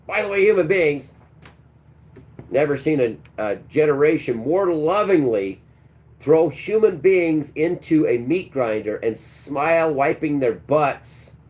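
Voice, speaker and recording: A man's voice: fairly high pitch, lively intonation, measured pace, darkish tone. A man hosting a live stream who rambles in a crude, sarcastic rant with many restarts. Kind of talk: ranting live-stream talk.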